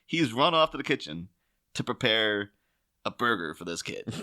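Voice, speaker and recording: A man's voice: on the low side, very animated, unhurried, pushed and bright. A man hosting a podcast in casual film chat, rambling and laughing often.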